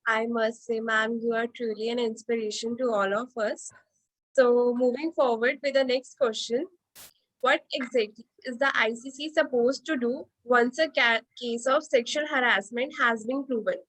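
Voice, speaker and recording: A woman moderates a question-and-answer session over a video call. Her voice is a little high, and she speaks in a polite, formal way as she thanks the speaker and introduces the next question. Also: fairly even intonation, normal speed, fairly bright tone, rough recording. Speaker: student moderator.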